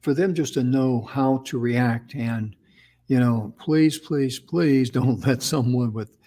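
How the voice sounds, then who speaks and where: A man's voice: medium pitch, takes it slowly, warm tone. A man co-hosting a casual talk show, telling a personal story in a folksy, rambling way with restarts. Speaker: co-host.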